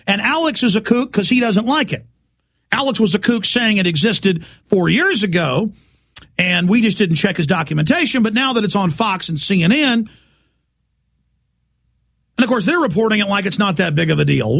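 A man delivers a heated talk radio monologue in a fairly high voice with a heavy gravelly fry. He talks emphatically, with urgent warnings and frequent restarts. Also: lively intonation, moderate pace, a bit bright. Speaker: radio talk show host.

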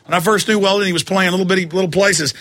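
A man hosting a live talk radio show, loud and hyped, shouting during a fundraising pitch. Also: steady tone, rapid-fire.

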